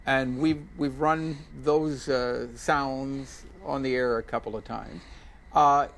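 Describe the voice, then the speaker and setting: A man's voice: mid-range voice, steady tone, slow pace, a bit bright. A man hosting a casual TV talk show interview, asking curious questions and often repeating his first words. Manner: inquisitive, repeats words when starting questions. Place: TV studio.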